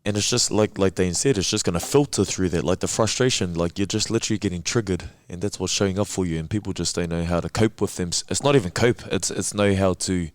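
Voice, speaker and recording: A man guest on a casual podcast, laid-back and reflective, laughing often and slowing down on key words. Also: deep voice. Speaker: podcast guest, men's work facilitator.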